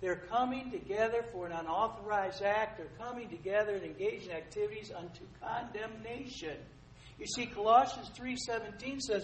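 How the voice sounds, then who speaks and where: Emphatic high-voiced male preacher. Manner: emphatic, rising to loud rhetorical questions; addresses listeners as "dear ones". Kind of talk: sermon. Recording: echoey room, faint noise.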